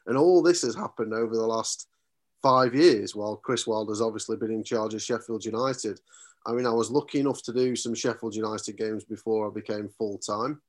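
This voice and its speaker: A man, a radio sports reporter and commentator telling stories as a guest in a casual podcast chat. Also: on the low side. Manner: reminiscing storyteller, chatty and earnest.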